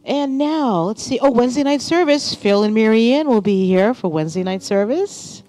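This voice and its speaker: A woman reading church announcements and thanking volunteers in a friendly, unhurried way during a service. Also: a little high, expressive, warm tone. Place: church sanctuary.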